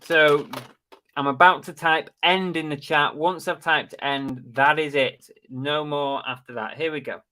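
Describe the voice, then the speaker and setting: A man's voice: on the high side, steady tone, unhurried, pushed and bright. A middle-aged man, hosting a casual live stream chat about reselling and plugging giveaways. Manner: chatty, plugs links and giveaways. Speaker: live show host.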